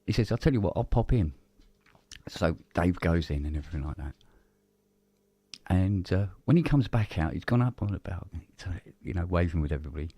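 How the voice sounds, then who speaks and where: A man telling a long joke in casual chat, animated and jumping into high voices for the people in it. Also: brisk, breathy edge, no echo. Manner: animated storyteller, swings into high voices for characters. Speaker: co-host.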